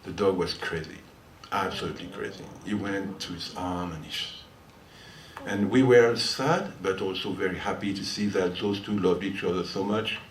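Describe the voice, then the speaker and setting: A man's voice: low voice, fairly even intonation, normal speed. An older man from France with a French accent, a guitarist telling a long, rambling anecdote between songs on stage. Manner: chatty, rambling, often laughing as he tells it. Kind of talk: storytelling between songs at a concert. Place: listening hall before a live audience. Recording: roomy hall sound from far off, faint noise.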